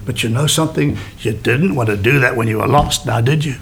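A man preaching a sermon to a congregation, with animated delivery that slows down for emphasis. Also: mid-range voice, creaky, a little hiss or hum. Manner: animated, varied delivery with slowed emphatic phrases. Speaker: pastor.

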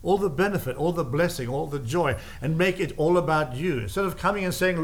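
A man's voice: a little high, a little fast, few pauses. A man preaching a sermon, driving his points home with repeated phrases and casual asides. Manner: emphatic, repetitive preaching cadence with asides.

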